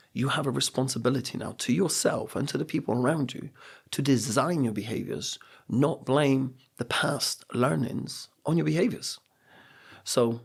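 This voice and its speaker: Earnest gravelly-voiced man telling stories. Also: medium pitch. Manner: earnest, motivational, acts out quotes. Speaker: guest, coach and speaker. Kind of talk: reflective podcast storytelling.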